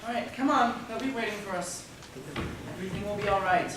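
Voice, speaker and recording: A woman playing a father calmly reassuring his nervous daughter on her wedding day, in a stage play. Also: medium pitch, fairly quick, natural voice. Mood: soothing. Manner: soothing, reassuring. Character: gentle, steady father of the bride. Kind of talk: stage acting. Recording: echoey hall, distant mic, noisy.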